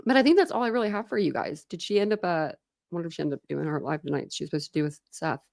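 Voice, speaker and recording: A woman's voice: sits low, very fast, creaky, no room sound. Woman hosting a true crime live, chatty and reacting to chat, dry close mic. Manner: chatty, animated, reacting to viewer comments. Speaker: true crime channel host. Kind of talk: casual live-stream chat.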